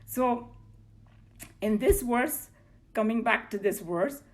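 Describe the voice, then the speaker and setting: A woman's voice: fairly high pitch, lively intonation, slow pace, darkish tone. A woman with an Indian accent teaching a scripture class in a chatty, loose way, telling personal stories. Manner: chatty, loose phrasing, slips into Hindi.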